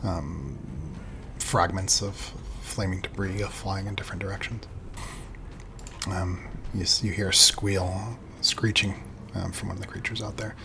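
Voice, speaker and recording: A man with a very deep voice narrates a tabletop game as its game master. He describes the scene calmly, pausing often to gather his thoughts. A steady hiss of background noise runs under the home recording. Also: gravelly. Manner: calm, measured descriptions with frequent "um"s.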